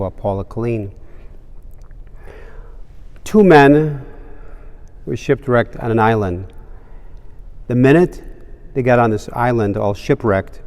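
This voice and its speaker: Priest preaching in a reverberant cathedral. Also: male voice, mid-range voice, darkish tone. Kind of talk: homily with a joke.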